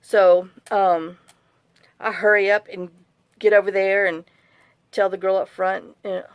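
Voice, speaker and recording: Woman, rambling craft vlogger, mid-pitched, dry close sound. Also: level tone, unhurried, smooth, no echo. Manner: chatty, rambling storyteller, venting complaints. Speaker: journal-making craft vlogger. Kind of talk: casual chat while crafting.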